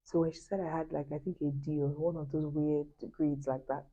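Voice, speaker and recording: A woman's voice: low voice, little pitch movement, fairly quick. A young woman, chatting animatedly to her viewers and telling a personal story with laughing asides. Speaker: vlogger. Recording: dull lo-fi recording.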